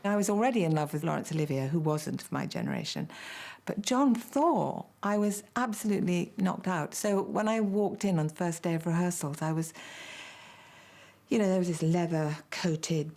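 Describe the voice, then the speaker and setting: An older woman remembers her husband in a documentary interview. Her voice is very low, gravelly and mellow, and she talks candidly with animated asides. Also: moderate pace. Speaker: interviewee, widow.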